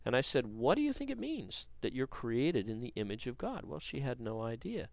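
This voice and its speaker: A man's voice: mid-range voice, very animated, moderate pace, vocal fry, no echo. A man teaching a Bible lesson, telling a story in an earnest way with frequent hesitations.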